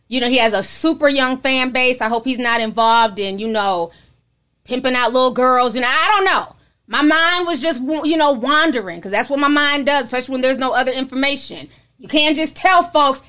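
Young woman on a livestream, high voice, chatty and blunt, reads fan messages. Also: expressive, moderate pace, a bit bright. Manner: chatty, reads super chats aloud, frank and profane. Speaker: livestream host. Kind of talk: casual livestream chat.

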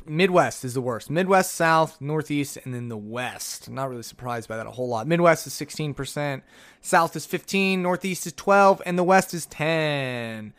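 A man hosting a solo podcast, chatting casually and rambling through old notes with jokey asides. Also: on the high side. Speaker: podcast host.

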